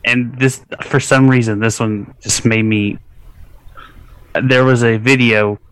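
A man's voice: medium pitch, steady tone, takes it slowly, fairly bright tone, clear, resonant tone, no room sound. A man chatting casually on a podcast, laughing as he tells a funny story. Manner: laughing through his own story. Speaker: co-host. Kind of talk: casual chat.

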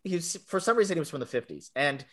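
A man's voice: on the high side, very animated, very fast, fairly bright tone. A young man telling a funny anecdote over a video call, rambling and self-deprecating, often restarting sentences. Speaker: storyteller guest on a game show.

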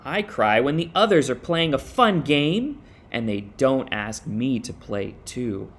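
A man's voice: medium pitch, big pitch swings, unhurried. A man voicing a timid, sad squirrel in a storybook. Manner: hesitant, sad.

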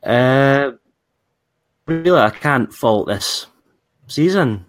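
A man's voice: mid-range voice, extremely slow, faint music behind. A man with a Scottish accent, a guest calling in by video, talking in an easygoing, slightly tired way. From Scotland. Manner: relaxed and easygoing, a little tired. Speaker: call-in guest. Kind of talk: casual chat over video call. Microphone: video call.

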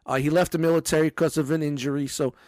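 A man's voice: a little high, fairly even intonation, fast talker, a little mellow, no room sound. A man managing a store department, chatting casually and telling profane stories with acted-out quotes. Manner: profane, storytelling, acts out quotes. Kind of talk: casual chat.

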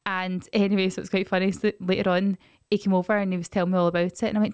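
A Scottish woman co-hosting a casual podcast chat, telling stories with animated energy. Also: mid-range voice, very fast, clean tone, no echo, studio quality. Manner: animated storyteller. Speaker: podcast co-host.

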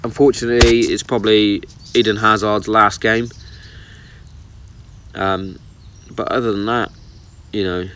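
A man's voice: fairly low pitch, level tone, measured pace, pauses often, a bit bright, a little hiss or hum. A man chatting casually and bluntly about football on his vlog, swearing freely as he gives his opinions. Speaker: vlogger. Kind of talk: casual chat. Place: outdoors in the countryside. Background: birdsong and outdoor ambience.

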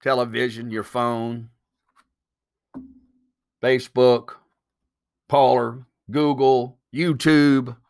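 A man's voice: medium pitch, level tone, drawn-out words, vocal fry, long pauses, darkish tone. A man hosting a solo podcast, talking bluntly and emphatically, swearing freely and firing off rhetorical questions. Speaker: podcast host.

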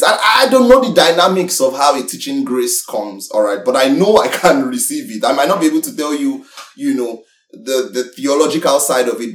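Preacher going hard on a sermon, repeats stuff, loud then soft, keeps asking "you with me", echoey room, far from mic. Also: medium pitch. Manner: emphatic, repeats points, swings between loud and soft; asks listeners for agreement. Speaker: preacher teaching a congregation.

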